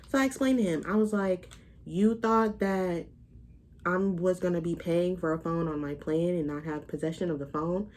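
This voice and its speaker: A woman's voice: on the low side, moderate pace, darkish tone. A young adult woman telling a story to her vlog camera in a blunt, emphatic, profane way. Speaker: vlogger. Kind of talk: casual storytime rant.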